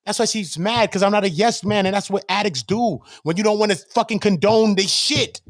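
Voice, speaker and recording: A man's voice: high-pitched, fairly quick, no echo, clean studio sound. A man hosting his own channel, ranting in a confrontational, profane way and firing off rhetorical questions. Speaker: channel host. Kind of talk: heated livestream rant.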